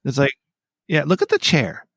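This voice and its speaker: A man co-hosting a comedy podcast, trading laid-back quick quips. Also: fairly high pitch, wildly swooping pitch, a bit bright, dry recording, clean studio sound. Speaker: podcast co-host. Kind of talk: casual comedic banter.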